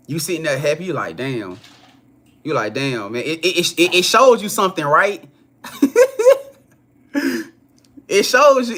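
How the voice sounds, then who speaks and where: High, bright-voiced man giving a reading. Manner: repetitive, profane, chatty, laughs often; talks straight to viewers. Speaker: spiritual card reader. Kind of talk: casual live-stream reading.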